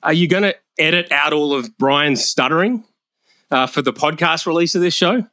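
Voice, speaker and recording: Brief: a crude, mocking male roast comic, bright, dry close mic. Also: a little high, moderate pace, no room sound. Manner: brash, crude, mocking delivery. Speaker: guest comedian roaster. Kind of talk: comedy roast.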